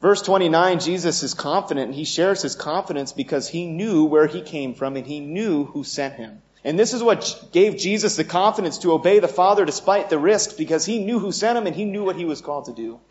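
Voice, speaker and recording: A man's voice: fairly high pitch, a little fast, hardly any pauses, lo-fi sound. A man preaching a sermon, earnest and turning bold and emphatic as he drives his points home.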